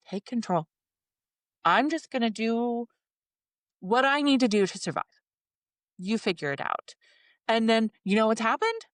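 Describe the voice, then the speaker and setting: A woman's voice: a little high, lively intonation, measured pace, long pauses, dry recording. A woman in her forties talking candidly and emotionally, swearing and acting out her own inner thoughts in a podcast chat. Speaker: podcast co-host.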